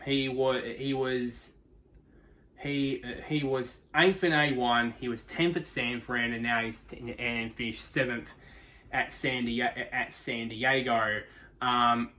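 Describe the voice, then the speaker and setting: Guy rambling through a supercross-style race recap, keeps restarting sentences, lots of uh and um, bright sharp voice. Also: mid-range voice. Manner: rambling, constant restarts and fillers. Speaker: motorsport video reviewer. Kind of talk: casual race review monologue.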